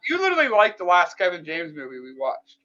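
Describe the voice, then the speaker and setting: A man's voice: sits high, huge pitch swings, quick pace, pushed and bright. A man chatting casually on a podcast, teasing his friends with crude jokes. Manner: teasing, profane. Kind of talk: casual chat. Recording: lo-fi audio.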